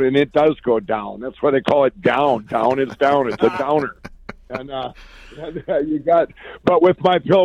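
A man from Minnesota, a company founder and interview guest, telling his story in a rambling, excited way with many restarts. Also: mid-range voice, lo-fi sound. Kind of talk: conversational storytelling.

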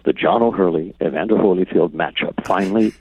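A middle-aged man from Connecticut, telling an anecdote as a guest with an animated, mock-grand delivery. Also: low voice, a little fast, husky. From Connecticut, United States. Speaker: actor and guest. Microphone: phone line. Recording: tinny phone line.

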